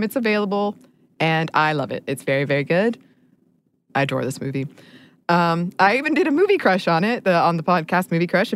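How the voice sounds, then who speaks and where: A woman co-hosting a podcast in casual chat, chatty and often laughing as she talks. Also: on the low side. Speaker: podcast co-host.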